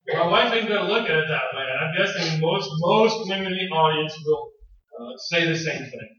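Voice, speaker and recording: A man's voice: a little high, expressive, moderate pace, pushed and bright, a little hiss or hum. A man preaching a sermon in a folksy, conversational way, speaking straight to the congregation and telling a story. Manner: folksy, conversational, addresses the audience directly. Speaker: pastor. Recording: very echoey, distant, dull sound.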